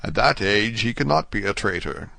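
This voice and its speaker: A man doing a hushed, cautious old prisoner. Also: very animated, gravelly, dry recording, exaggerated voice. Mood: grave. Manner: low, quiet, measured. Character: hidden older male prisoner, cautious and grave. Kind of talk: audiobook character reading.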